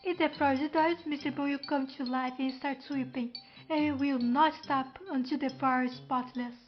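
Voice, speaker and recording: A woman's voice: sits high, steady tone, normal speed, natural voice. A woman voicing a mischievous, teasing woman who enchants a broom, in a sing-song, mocking way. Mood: gleefully mocking. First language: Portuguese. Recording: muffled with faint music.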